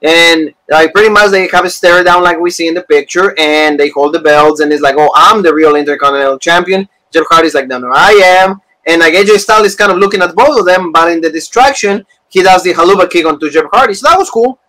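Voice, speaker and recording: A man's voice: high voice, fast talker, few pauses, pushed and bright, rough recording. A man co-hosting a wrestling review podcast, chatty and agreeable, full of fillers. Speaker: wrestling show co-host. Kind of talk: casual podcast chat.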